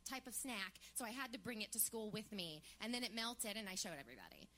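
A woman's voice: fairly high pitch, a little fast. A woman in her thirties co-hosting a live podcast on a theatre stage, telling stories chattily with lots of fillers. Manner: chatty, animated storyteller with many fillers. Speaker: podcast co-host. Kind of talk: live podcast banter and storytelling.

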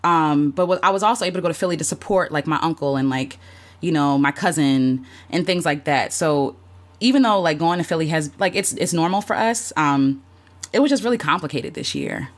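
An emotional woman talks through her year on a live stream, loose and candid, full of "um" and "like." Her voice sits a little low for a woman. She stops often to greet and thank viewers by name. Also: lively intonation, brisk. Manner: heartfelt, talks openly with lots of fillers and "like". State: emotional, near tears at times. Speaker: content creator hosting a livestream. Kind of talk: casual live-stream chat reflecting on the year.

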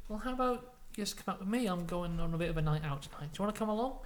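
British man doing a chirpy, friendly young office guy, a bit higher than usual. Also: expressive, racing. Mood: inviting.

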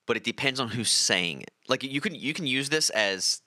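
A man co-hosting a casual podcast chat, quick and jokey. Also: medium pitch, expressive, bright, forceful tone, no echo, studio quality. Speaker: podcast co-host.

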